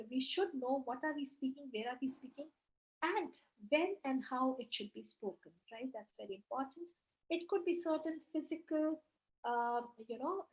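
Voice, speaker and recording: A woman's voice: high voice, rough recording. A woman giving an online webinar lecture, explaining at length with many fillers and frequent "right?" check-ins. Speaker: webinar speaker. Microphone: video call.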